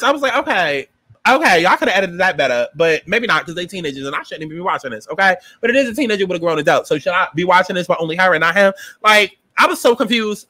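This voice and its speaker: A man gives a casual, profane recap and review of a TV episode, animated and sassy as he acts out his own reactions. His voice sits high, and there's no echo.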